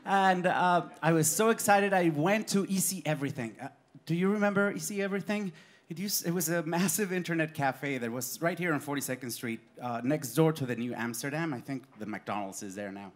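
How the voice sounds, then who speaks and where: Animated man telling stories onstage. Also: fairly high pitch, brisk. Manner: animated, laughs through his lines. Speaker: stage performer. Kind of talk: autobiographical cabaret storytelling.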